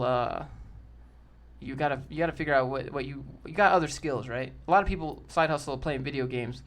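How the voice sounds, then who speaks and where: A man's voice: mid-range voice, fairly quick. A man in casual live-stream chat, answering chat in a blunt, joking, brash way. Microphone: desk mic with a sock over it.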